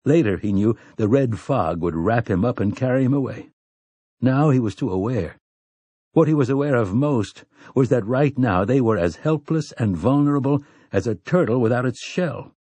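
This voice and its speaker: A man reading a novel aloud in a measured, even narration. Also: mid-range voice, slightly rough, no room sound. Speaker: audiobook narrator. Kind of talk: scripted narration.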